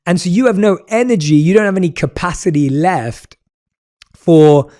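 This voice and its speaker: A man's voice: high voice, animated, normal speed, dark tone. A man hosting a conversational interview, affirming and building on his guest's points in a reflective way. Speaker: podcast host.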